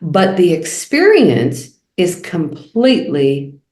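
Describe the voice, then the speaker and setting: Low-voiced woman telling stories. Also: big pitch swings, slow, a little mellow, echoey room. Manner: storytelling, acts out quoted voices. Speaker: co-host. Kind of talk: casual chat.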